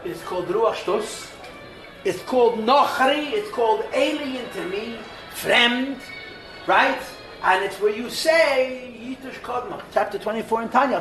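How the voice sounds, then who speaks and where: A man teaching a Torah class, animated and mixing in Hebrew and terms. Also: extremely high pitch. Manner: animated, mixes Hebrew and Yiddish terms, acts out voices in asides. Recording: roomy hall, voice from far off the mic.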